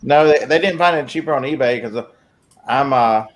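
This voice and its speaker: A man's voice: medium pitch, fairly quick, a little hiss or hum. A man hosting a casual group chat on a video call, joking and laughing often. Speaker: host of a live listing hangout.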